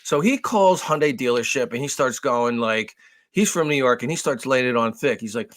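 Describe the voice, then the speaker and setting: A man co-hosting a podcast, telling a long story in a casual, animated way with lots of swearing. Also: mid-range voice, moderate pace. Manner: animated, profane, acts out raised voices. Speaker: podcast co-host.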